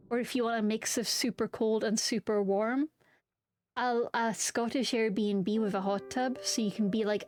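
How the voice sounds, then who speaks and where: A woman's voice: medium pitch, darkish tone. A young woman chatting casually with her viewers, bubbly and giggly. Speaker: streamer. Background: background music.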